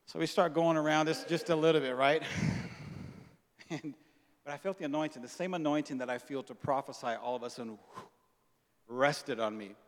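Animated preacher in a reverberant hall. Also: male voice, fairly high pitch, moderate pace. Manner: animated storytelling, acting out dialogue, casual slang. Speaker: pastor. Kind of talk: sermon.

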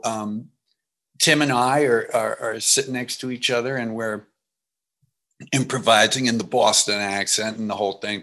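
Animated male actor telling stories. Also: mid-range voice. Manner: animated, laughing, acts out quotes. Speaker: actor guest. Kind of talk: anecdotal interview storytelling.

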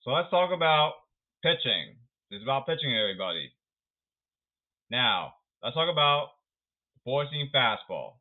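A man's voice: mid-range voice, big pitch swings, normal speed, long pauses. A man giving a sarcastic, ranting talk about baseball, emphatic and blunt. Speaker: baseball commentator. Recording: tinny phone-like audio.

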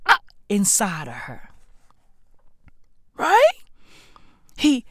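A woman's voice: fairly high pitch, wildly swooping pitch, extremely slow, noisy background. A woman ranting in a comedic, exasperated and mocking way, swearing heavily. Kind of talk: profane comedic rant.

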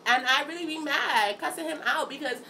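A woman in her thirties, chatting casually and telling animated stories, acting out quotes, swearing and laughing often. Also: high voice, fairly quick, gravelly. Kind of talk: casual chat. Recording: distant mic, noisy background.

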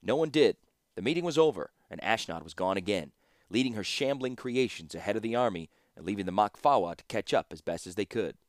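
A man narrating an audiobook in a measured, steady storytelling manner. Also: fairly low pitch, no echo, clean studio sound.

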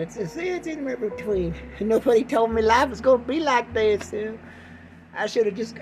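A man's voice: high voice, normal speed, a little mellow, slight background noise, rough recording. A man rambles through his own podcast in a loose, casual way. He jokes at his own expense and wanders from one thought to the next. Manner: joking, self-mocking, jumps into put-on voices. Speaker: podcast host.

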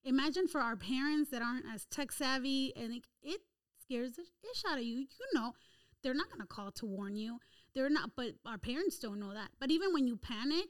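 A woman's voice: high voice, expressive, brisk. A woman co-hosting a casual podcast, chatty and explanatory, with a few Spanish asides. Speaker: podcast co-host. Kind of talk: casual chat.

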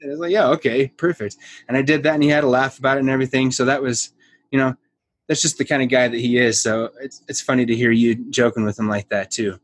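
An easygoing man hosting a podcast, chatting casually and laughing often with his guest. His voice sits at a middling pitch. It is recorded dry and close, with no room echo. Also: fairly even intonation, fast talker. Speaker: podcast host. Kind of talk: casual chat.

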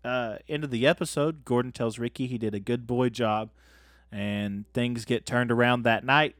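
A podcast co-host recaps an episode of his comedy show loosely and jokingly, with plenty of fillers. His voice is mid-range, steady and slightly bright at a moderate pace, recorded dry with studio quality.

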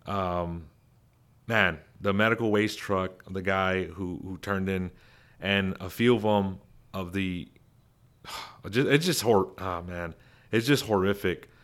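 A man's voice: deep voice, takes it slowly, fairly bright tone. A man, a father, giving casual, chatty and emphatic commentary as the host of his own show. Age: adult father.

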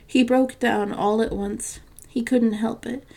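Gravelly woman reading a classic tale. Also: on the high side, level tone, slow pace, a little mellow. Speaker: podcast narrator.

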